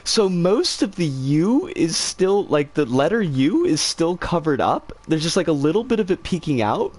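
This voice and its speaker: A woman's voice: sits low, moderate pace, husky. Woman streamer telling a story, voice swoops up and down all over, swears a lot. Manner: animated, swearing freely.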